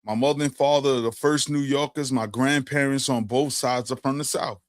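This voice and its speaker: A man's voice: medium pitch, moderate pace, no room sound, studio quality. A man from Brooklyn, hosting a casual discussion and telling stories with streetwise slang. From Brooklyn, New York. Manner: animated storyteller, streetwise slang.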